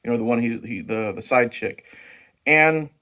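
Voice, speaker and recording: A man's voice: mid-range voice, moderate pace, pushed and bright. A man hosting his own movie review channel, talking casually and profanely with frequent restarts and fillers.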